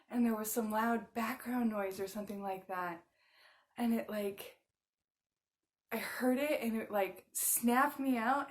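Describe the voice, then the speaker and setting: Chatty woman rambling with many fillers. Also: fairly high pitch. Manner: rambling, many filler words, frequent laughs. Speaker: spiritual channeler and musician. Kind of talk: casual monologue.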